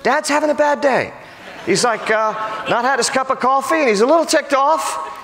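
A man's voice: very high-pitched, normal speed, fairly bright tone, long reverb tail, pitched above the performer's own voice. A man voicing an exasperated young prince, speaking in wry, casual modern paraphrase. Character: exasperated young male prince, best friend.

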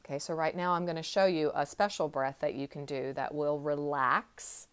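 A woman in her sixties, a counselor, gently guiding a slow relaxation exercise from a chair in her counseling room. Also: low voice, steady tone, clean tone. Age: 60s. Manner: gentle, unhurried, soothing guidance. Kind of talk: guided relaxation talk.

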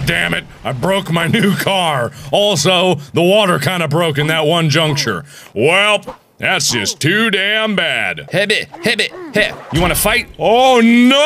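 A man giving excitable, jokey commentary while playing a video game, swinging between yelps and mutters. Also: high voice, vocal fry, slight background noise. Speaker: gaming video host. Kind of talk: gameplay commentary.

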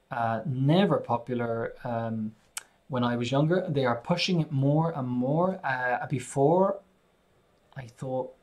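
A man's voice: mid-range voice, a little mellow. A man with an Irish accent gives a loose, conversational English lesson on a live stream. He rambles, restarts his sentences and drops in plenty of fillers as he thinks aloud. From Ireland. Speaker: English teacher. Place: living in Spain.

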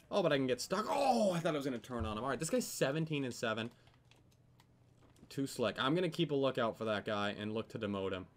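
Guy doing live gameplay commentary, cursing constantly, gets loud and shouty when he loses. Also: mid-range voice. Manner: swears a lot, yells when frustrated. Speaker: gaming commentator.

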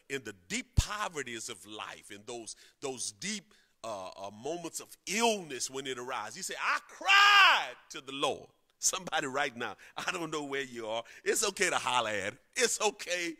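A middle-aged man preaching a sermon as pastor, dropping to low talk and then rising to loud shouted cries.

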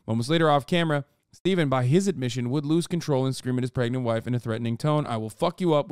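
A man's voice: mid-range voice, a little mellow, clear, resonant tone, dry recording, studio quality. A man streaming, reading a news article aloud and breaking off into profane, incredulous asides. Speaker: streamer and commentator. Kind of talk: casual reaction commentary, reading an article aloud.

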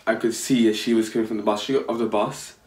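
A man's voice: on the low side, fairly even intonation, fast, a little mellow. A young man telling a story casually, rambling and swearing with frequent restarts. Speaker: vlogger. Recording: echoey room.

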